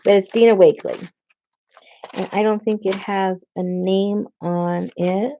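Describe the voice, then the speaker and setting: A woman with a mid-pitched, gravelly voice hosts a casual crafting video. She rambles and mutters to herself as she digs through her supplies, standing in her craft room. The sound is slightly dull, with a faint hiss underneath. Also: steady tone, takes it slowly, dark tone. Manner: rambling, talks to herself while searching. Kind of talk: casual chat while crafting. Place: indoor craft room, standing near a speaker.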